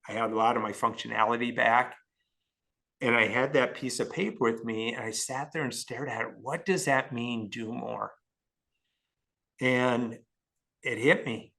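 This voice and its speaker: A man's voice: mid-range voice, a bit bright. A man as a podcast guest telling an emotional personal story in an earnest way, often restarting his sentences.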